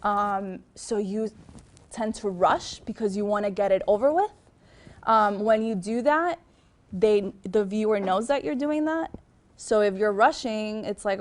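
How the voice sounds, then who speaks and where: A woman's voice: mid-range voice, a little slow. A young woman with a Miami accent, a TV news reporter, giving chatty advice to students with lots of ums and restarts. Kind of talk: casual advice talk to students.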